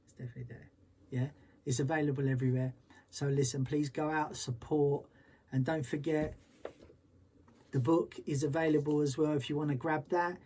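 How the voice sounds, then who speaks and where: A man's voice: a little high, steady tone, normal speed, warm tone, breathy edge. A man hosting as a DJ, chatting casually and upbeat, with loose slangy talk. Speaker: DJ and show host. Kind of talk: casual livestream chat.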